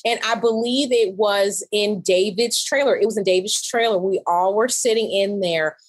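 A woman designer chatting in an interview, telling animated, emphatic stories. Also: medium pitch, moderate pace, low-quality recording. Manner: animated, emphatic storytelling, laughs often. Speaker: interior designer, show competitor. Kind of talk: casual interview chat.

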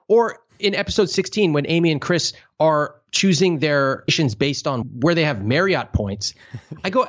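Brief: male podcast host, very expressive pitch, slightly dull lo-fi sound, acts out quotes. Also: moderate pace. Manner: animated storyteller, acts out quotes in exaggerated voices. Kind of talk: casual podcast talk.

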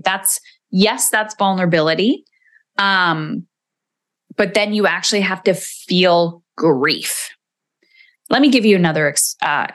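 A woman's voice: fairly low pitch, fairly bright tone. A woman in her forties hosting a solo podcast, candid and emotional, swearing casually as she reflects. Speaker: podcast host.

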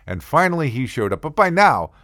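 An older man telling a funny personal story in a casual, animated way, acting out the yelling and the other people's lines. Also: a little high, a little fast, dry recording, studio quality.

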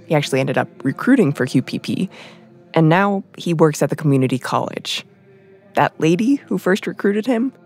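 Reporter voice, mid pitch, measured scripted narration, soft music behind. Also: animated. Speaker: radio reporter.

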